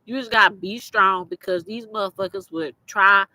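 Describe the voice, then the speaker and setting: A woman's voice: medium pitch, normal speed, vocal fry, pushed and bright, rough recording. A young adult woman, hosting a podcast and speaking teary-eyed, blunt, profane and rambling, with many restarts. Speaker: podcast host. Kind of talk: casual motivational monologue.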